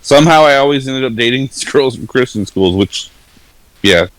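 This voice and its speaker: A man's voice: medium pitch, animated, moderate pace, no room sound, poor audio. A man in his forties chatting earnestly in a casual podcast conversation, rambling a little and laughing easily. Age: 40s.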